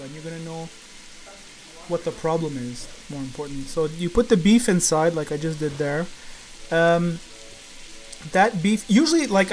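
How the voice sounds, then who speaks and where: A man's voice: fairly high pitch, slight background noise. Chatty man cooking. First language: French. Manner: chatty, rambling, full of fillers. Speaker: home cooking show host. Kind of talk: casual cooking demonstration.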